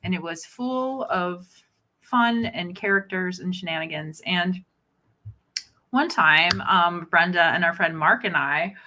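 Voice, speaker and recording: A woman in her thirties from Ohio, co-hosting a casual live chat and telling stories in an animated, giggly way. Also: lowish voice, a little slow, slight background noise, low-quality recording. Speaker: podcast co-host.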